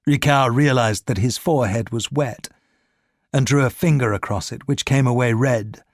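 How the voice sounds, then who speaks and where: Male audiobook narrator, mid-pitched, steady and measured, dry close recording. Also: dry recording. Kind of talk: scripted narration.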